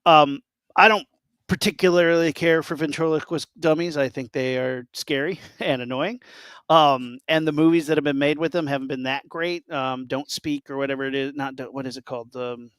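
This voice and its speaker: A man co-hosts a casual podcast chat, excitedly telling stories with many fillers and restarts. His fairly high voice is clear and resonant, at a moderate pace, with no echo.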